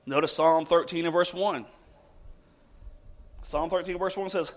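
A high-voiced man preaches a sermon in a church. He asks his congregation question after question. He rises to forceful emphasis and then drops to slow, quiet lines. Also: steady tone.

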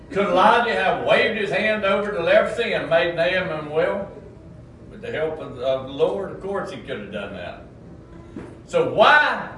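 A man preaching a sermon, his voice swinging widely between high, loud peaks and low, quiet asides. The sound is very roomy and echoing, picked up from a distance in a church hall. Faint ambience sits behind him. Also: a little hiss or hum.

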